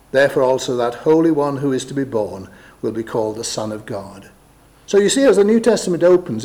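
A middle-aged man teaches from the Bible in a steady, mid-range voice. He is measured and deliberate, and he stresses key phrases emphatically as he reads the passages aloud. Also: medium pitch. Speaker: preacher.

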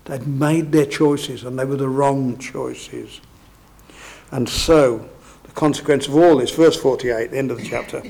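A man preaches a sermon, working through the scripture verse by verse. His mid-pitched voice has a gravelly, creaky edge. He talks in a conversational, explaining way and keeps checking in with his listeners through tag questions. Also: steady tone, unhurried, warm tone.

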